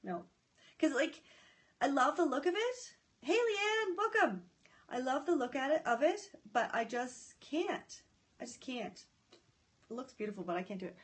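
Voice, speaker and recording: Brief: woman, high voice, chatty livestream host, greets viewers, excitable and scattered. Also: unhurried. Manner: excitable, often breaks off mid-sentence. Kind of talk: casual live chat. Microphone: phone or tablet.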